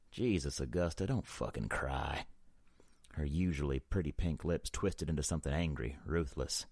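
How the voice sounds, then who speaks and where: Really deep guy reading an audiobook, slow brooding delivery, dry studio sound. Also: darkish tone, no room sound. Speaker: audiobook narrator. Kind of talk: first-person audiobook narration.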